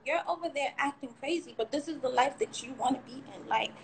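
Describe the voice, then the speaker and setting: A young shooting survivor speaks fairly quickly in a high-pitched voice, giving a candid, rambling livestream account of her frightening ordeal with the odd curse word. The recording is rough, with a little hiss or hum.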